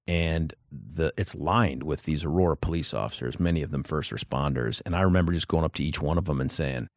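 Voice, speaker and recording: A middle-aged man, a district attorney, telling stories in a casual interview with an animated, expressive manner. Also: a bass voice, fairly quick, dry recording, studio quality.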